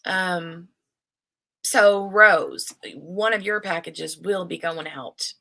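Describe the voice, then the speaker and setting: A woman hosting a relaxed crafting live stream from her chair at home, her voice sitting a little on the low side. She talks in a loose, rambling way, trailing off and picking her thread back up. It's close, casual desk-mic chat. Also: slow pace, gravelly, a little hiss or hum, poor audio. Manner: rambling, chatty, stops and restarts mid-thought. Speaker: crafting channel host. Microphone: desk microphone.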